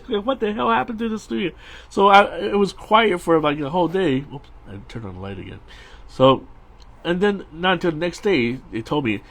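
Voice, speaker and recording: A man's voice: sits high, lively intonation, normal speed, gravelly, a bit bright. A middle-aged man, a storyboard artist, chatting casually and rambling while he draws on a live stream, with frequent restarts and laughs.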